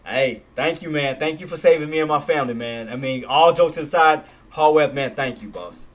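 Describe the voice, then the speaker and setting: A man hosting a live trading stream, hyped and slangy, shouting and laughing between chart calls. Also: fairly high pitch, normal speed.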